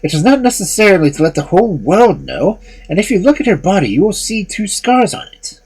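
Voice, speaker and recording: A storyteller voicing an ashamed, anxious young man who talks in a sheepish, pleading way, slightly husky. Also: high voice, very animated, fairly quick, a little mellow, voice pushed up, exaggerated voice, low-quality recording. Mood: hushing.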